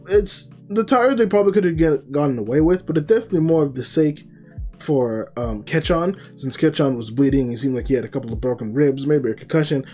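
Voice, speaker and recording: A man's voice: fairly high pitch, warm tone, husky. A man reviewing anime, recapping an episode in a casual, rambling way, full of fillers and self-corrections.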